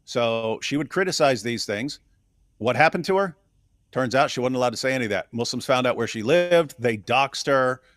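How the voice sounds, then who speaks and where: A man co-hosting a casual political discussion, animated and quick to laugh, often restarting his sentences. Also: medium pitch. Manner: animated, laughs while talking, frequent restarts. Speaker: co-host.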